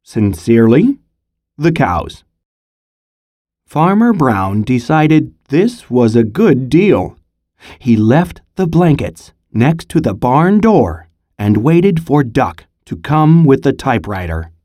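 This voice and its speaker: Teacher doing a read-aloud, super slow and expressive, voice goes up and down a lot, stops to ask the class questions. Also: mid-range voice, no echo, studio quality. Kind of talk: picture-book read-aloud with comprehension prompts.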